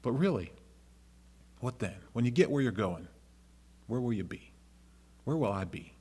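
A man's voice: expressive, moderate pace, slightly rough. Earnest man preaching a sermon. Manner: earnest, rising to loud emphatic storytelling; acts out characters with raised pitch in anecdotes. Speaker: pastor.

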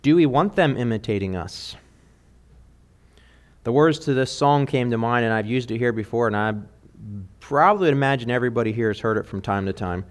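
A man's voice: mid-range voice, brisk. A middle-aged man preaching an earnest sermon to fathers, speaking with emphatic conviction. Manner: earnest, emphatic preaching, quoting song lyrics.

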